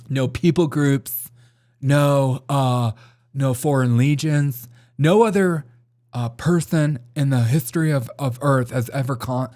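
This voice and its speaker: A man's voice: medium pitch, darkish tone. Sarcastic man reacting with laughter. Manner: mocking, laughs often. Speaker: comedy news show host. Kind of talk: sarcastic commentary on a video.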